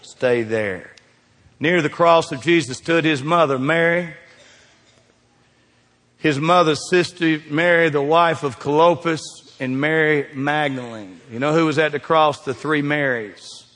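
A middle-aged man preaching a folksy sermon, swinging from loud emphasis down to hushed, quiet lines. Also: on the high side, unhurried. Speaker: pastor. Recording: reverberant hall.

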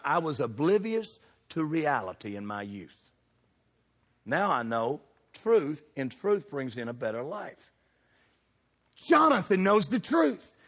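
A middle-aged man preaching a sermon, animated and throwing questions at the congregation. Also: on the high side, slightly rough, long reverb tail. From United States.

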